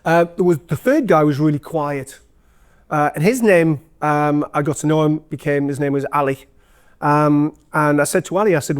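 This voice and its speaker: Geordie businessman telling stories to a room, a touch high-voiced, chatty and self-mocking. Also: normal speed, clear, resonant tone. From North East England. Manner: chatty, self-deprecating storyteller with many fillers. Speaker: former CEO giving a guest talk. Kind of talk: live anecdotal talk to an audience. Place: event room with an audience.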